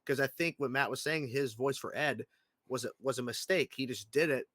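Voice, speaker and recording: A man hosting an interview, eager and friendly, asking loose rambling questions and chiming in with quick agreement. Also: medium pitch, a bit bright, dry recording, clean studio sound. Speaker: host.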